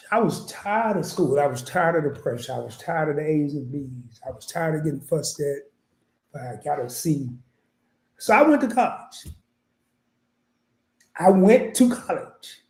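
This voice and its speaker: A man from small-town Arkansas, telling a rambling, laughing story on a podcast. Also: sits high. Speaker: podcast guest. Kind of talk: casual storytelling chat. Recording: echoey room.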